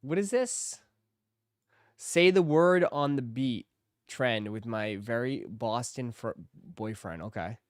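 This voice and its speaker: A man's voice: medium pitch, slow pace, no echo, studio quality. A man hosting a casual live stream, reacting to clips with frequent laughter and playful remarks. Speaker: livestream host.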